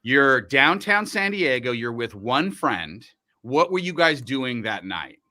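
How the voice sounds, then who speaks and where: A male host keeps a casual chat going with questions and quick interjections, laughing often. His pitch moves in a lively way and his voice sounds bright.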